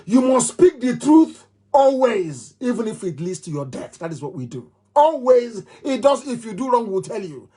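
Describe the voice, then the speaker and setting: A middle-aged Nigerian-accented man delivers a live political address. His voice is high-pitched and husky. He drives his points home by repeating them and breaks into scornful laughter. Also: big pitch swings, moderate pace, few pauses, mellow. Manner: emphatic and repetitive, with mocking laughs. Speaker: movement leader giving a broadcast.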